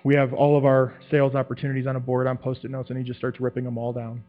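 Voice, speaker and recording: A man's voice: medium pitch, monotone, fast. A man giving a testimony to a church group, telling his story with animation, acting out quotes and laughing often. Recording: tinny phone-like sound with mains hum.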